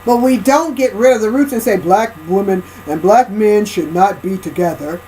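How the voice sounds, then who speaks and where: Woman at a mid pitch, lecturing on spiritual matters in a rambling monologue; emphatic, restarts a lot, keeps asking "right?". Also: normal speed, dark tone, a little hiss or hum, poor audio. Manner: emphatic, repeats phrases and restarts often, checks in with "right?" and "okay?". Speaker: spiritual speaker.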